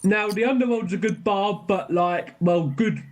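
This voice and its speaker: A man's voice: high voice, measured pace, a loud crowd. A man in casual chat who rambles, swears and keeps restarting his sentences.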